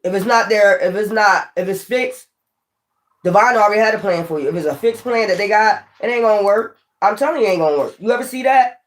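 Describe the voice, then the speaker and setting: A woman reads tarot in a casual, rambling way, swearing freely and pressing every point like a sermon. Her voice sits at a middle pitch, and she often restarts her thoughts as she goes. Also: quick pace. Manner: blunt, profane, preachy and emphatic. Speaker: tarot reader. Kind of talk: casual spiritual tarot reading.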